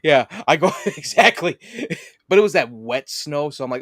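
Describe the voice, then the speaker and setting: Animated laughing male podcast host. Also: on the high side, normal speed, no room sound, studio quality. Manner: animated storyteller, swears and laughs often. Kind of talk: casual chat.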